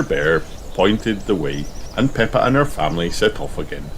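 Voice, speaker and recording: A man's voice: sits low, normal speed, hardly any pauses, slight background noise. A man reading a children's picture book aloud, voicing every character himself. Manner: expressive, does all the character voices. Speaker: audiobook narrator. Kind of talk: children's storybook read aloud.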